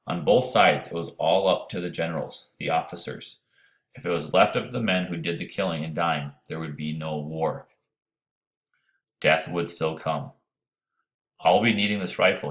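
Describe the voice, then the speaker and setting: A man reading an audiobook chapter in steady, measured narration. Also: low-pitched.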